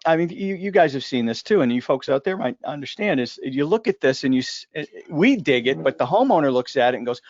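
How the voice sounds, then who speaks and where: A man's voice: on the high side, animated, brisk, few pauses, no echo, muffled recording. A man hosting a casual live discussion, talking in a joking, rambling way full of asides and restarts. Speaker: host.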